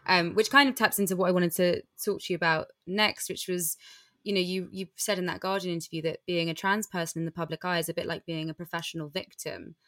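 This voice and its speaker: A woman's voice: lowish voice, fairly even intonation, fast talker, a bit bright, dry recording, studio quality. A woman hosting an interview, earnest and agreeable, prompting her guest with questions. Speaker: interviewer, host. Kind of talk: conversational interview.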